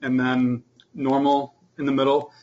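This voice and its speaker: A man teaching an online beginner fiddle class, explaining in a relaxed way with lots of fillers. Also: medium pitch, unhurried, muffled recording.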